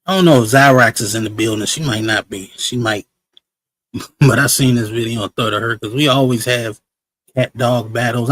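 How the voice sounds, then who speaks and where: A man hosts a casual live-stream review show, reacting to clips and shouting out viewers. His talk is loose, slangy and chatty, with a mid-range voice. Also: medium pitch, no room sound, rough recording. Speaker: livestream show host.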